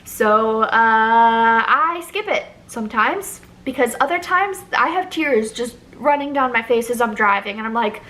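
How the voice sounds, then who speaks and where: A woman's voice: on the high side, expressive, unhurried, hardly any pauses, pushed and bright. A young woman vlogger chatting casually as she ranks songs, gushing and rambling with lots of ums and likes. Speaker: music vlogger ranking songs. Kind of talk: casual chat to camera.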